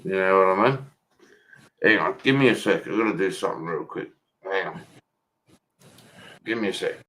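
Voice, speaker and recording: A man's voice: low-pitched, moderate pace, bright, forceful tone. An Australian man in loose, joking livestream chat who swears freely. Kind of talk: casual chat.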